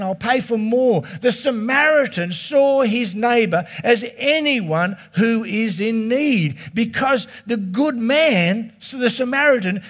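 A man's voice: very high-pitched, fairly bright tone. A middle-aged man preaching a sermon as pastor in a chatty, conversational way. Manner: chatty and conversational, slipping into quoted voices.

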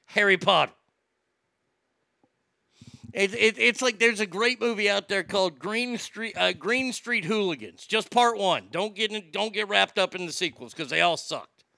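This male comic talks at normal speed with a forceful, gravelly voice sitting a touch high for a man, his set rambling and full of profanity. The sound is close and dry.

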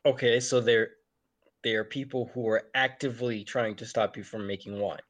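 A man's voice: medium pitch, steady tone, moderate pace. A man playing a tabletop game, earnestly asking probing questions. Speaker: player. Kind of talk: casual tabletop role-play.

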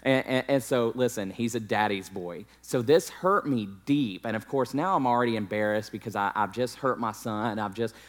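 A man's voice: fairly low pitch, normal speed, few pauses. A man in his thirties, a pastor, telling a candid, self-deprecating personal story in a sermon.

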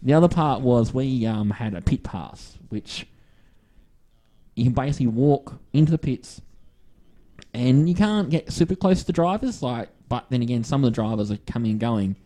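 A man's voice: medium pitch, moderate pace. Australian man telling rambling car-show stories. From Western Australia. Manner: rambling, animated anecdotes with acted-out quotes. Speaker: podcast co-host. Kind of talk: casual storytelling chat.

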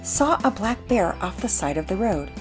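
An older woman, a grandmother, reading a children's story and chatting as host in a gentle, expressive way. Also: medium pitch, normal speed, music in the background.

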